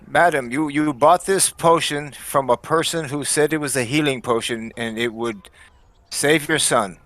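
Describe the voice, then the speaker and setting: A man voicing a gruff, blunt male dwarf cleric who is questioning a witness forcefully in court. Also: medium pitch, unhurried, lightly acted. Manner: forceful, interrogating.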